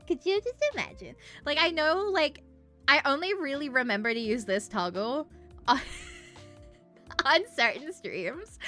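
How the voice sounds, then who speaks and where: A woman's voice: fairly high pitch, sharp tone. A woman streamer chatting casually, giggling often and swearing freely.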